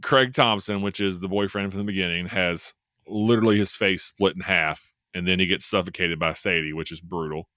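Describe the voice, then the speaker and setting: A man's voice: low voice, steady tone, fairly quick, pushed and bright, no room sound, studio quality. A man co-hosting a podcast, rambling through a casual recap with amused laughs. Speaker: podcast co-host. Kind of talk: casual chat recapping a horror film.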